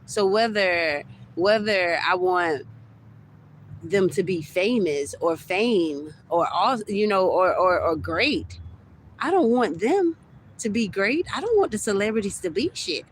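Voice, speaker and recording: A woman's voice: medium pitch, animated, slow, a little hiss or hum. A young adult woman ranting on a livestream, heated and repetitive, stumbling over her words as she circles back to the same complaints. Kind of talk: livestream rant.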